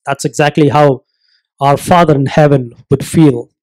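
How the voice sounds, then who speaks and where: Man, preacher, sermon, high voice, earnest, emphatic, rhetorical questions. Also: fairly even intonation, normal speed, a little mellow, rough recording.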